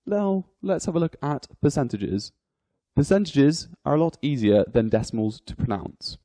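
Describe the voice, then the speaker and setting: Man, English teacher, mellow husky voice, dry sound, drills numbers one by one. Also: mid-range voice, expressive, no room sound. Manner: drills each number aloud, repeating it slowly. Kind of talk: slow, deliberate English lesson.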